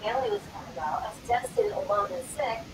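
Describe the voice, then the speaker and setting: A woman's voice: fairly high pitch, steady tone, fast, roomy sound. A middle-aged woman, a guest on a talk show, telling her personal story dramatically and acting out the dialogue. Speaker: guest, wellness coach. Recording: distant mic, clear background noise.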